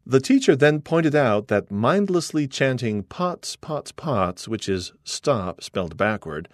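A middle-aged man reading an article aloud as scripted narration, earnest and measured, quoting scripture. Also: mid-range voice, sing-song, dry recording, studio quality.

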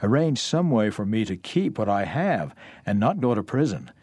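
A man's voice: lowish voice, big pitch swings, normal speed, darkish tone, slightly rough, no room sound. A man voicing a pleading male debtor facing prison, read out plainly and earnestly.

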